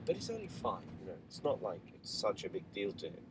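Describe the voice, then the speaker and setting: A man's voice: mid-range voice, very animated, fairly quick, a little hiss or hum, rough recording. Man candidly telling a family story. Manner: frank, rambling storytelling with fillers and asides. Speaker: father recounting family life. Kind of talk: candid spoken diary monologue.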